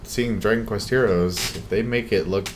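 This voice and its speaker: Low-voiced man, dry gaming chat. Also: normal speed, music in the background. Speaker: podcast co-host. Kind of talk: casual gaming podcast chat.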